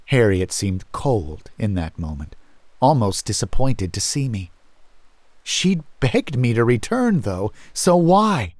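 Slow, low-voiced male horror narrator. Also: sing-song, a little mellow, dry recording. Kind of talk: first-person horror narration.

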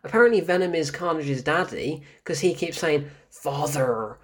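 Exasperated husky man ranting. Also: a little high, animated, moderate pace, a bit bright. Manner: exasperated ranting, swears often and laughs in disbelief. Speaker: film reviewer. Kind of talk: casual spoken film review.

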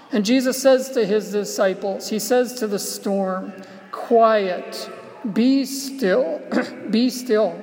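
Reflective male preacher in reverberant church. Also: high voice. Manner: reflective storytelling, softly slowing on key phrases. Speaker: Catholic preacher. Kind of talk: homily.

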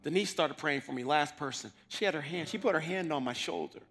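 A man's voice: on the high side, a little fast, creaky, a bit bright, soft background music. A man telling a personal faith story in a casual way, acting out his own past words as quotes. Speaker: person giving a testimony.

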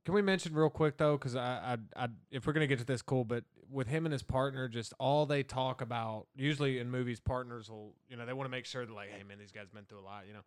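A man in a relaxed movie-review chat, speaking at an everyday middle pitch. He jokes around, laughs a lot and breaks into goofy voices while making his points. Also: fast, hardly any pauses, clean tone. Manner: jokey, laughs often, slips into silly voices. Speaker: podcast co-host.

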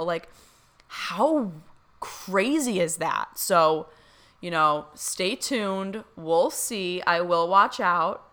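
A young woman vlogger telling a story to her viewers in a casual, excited way, with lots of fillers. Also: on the low side, drawn-out words. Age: young adult. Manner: excited, gushing, many fillers.

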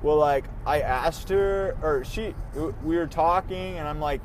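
A young man talks through his own podcast in a loose, rambling way, cutting himself down and swearing without a second thought. His voice sits a little high for a man. A faint hum of noise runs underneath, as if he is in or near a car. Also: unhurried. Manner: rambling, self-deprecating, swears casually. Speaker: podcast host. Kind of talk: casual solo podcast monologue.

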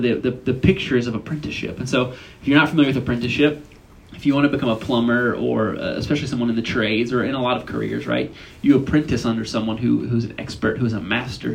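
A man's voice: medium pitch, vocal fry, slight background noise, poor audio. A young man giving a casual, conversational sermon at a college retreat, often asking the listeners questions. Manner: chatty, asks the audience questions.

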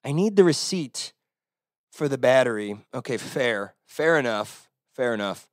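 A man with a Texan accent hosting his own solo podcast, ranting casually with lots of swearing, swinging from loud outbursts to low mutters. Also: animated, a little slow, no room sound, studio quality. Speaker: podcast host. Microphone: close-talking podcast mic.

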